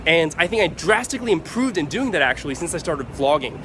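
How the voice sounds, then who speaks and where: A man vlogging to camera, giving casual advice in an animated way, swearing freely and acting out excited examples. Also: a little high, quick pace, slight background noise.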